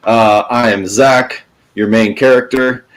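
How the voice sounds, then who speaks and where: A man's voice: medium pitch, fairly even intonation, slow pace, rough recording. Laid-back male show host. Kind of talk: casual talk show hosting.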